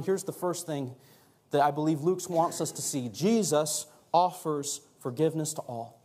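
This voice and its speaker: A man preaching a sermon as pastor in a church, earnest, rising and growing louder for emphasis, asking the congregation to join in. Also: fairly high pitch. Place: church sanctuary.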